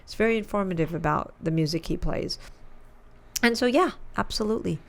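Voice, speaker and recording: A woman's voice: medium pitch, lively intonation, fairly quick. A woman from Pakistan, a radio DJ and spokeswoman, chatting and joking as a guest in an interview. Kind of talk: casual interview chat.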